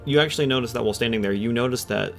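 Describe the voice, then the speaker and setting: A man's voice: mid-range voice, very fast, vocal fry. A man narrating a tabletop roleplaying game as game master, casual and descriptive. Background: soft background music.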